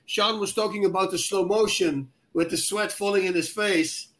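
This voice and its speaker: High, bright-voiced ex-fighter telling a story, excitable and laughing. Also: male voice, moderate pace, low-quality recording. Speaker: guest fighter. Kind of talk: casual chat, animated storytelling.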